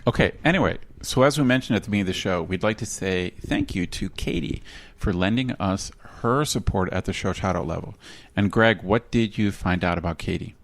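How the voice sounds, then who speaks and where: A man with a low, grounded voice chats as a podcast co-host. He tells stories with energy and slips into other people's voices. The recording is close and dry, with almost no room around it. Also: normal speed, vocal fry, dry recording. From United States. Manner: animated storyteller, imitates others' voices. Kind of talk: casual conversational podcast chat.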